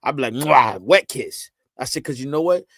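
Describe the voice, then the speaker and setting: A man speaking chats as a podcast guest. He tells stories with energy and jumps his voice up when he quotes family and friends. The sound is close and dry, with no room echo. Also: brisk. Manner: animated storyteller, acts out quotes with rising pitch. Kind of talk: casual podcast conversation.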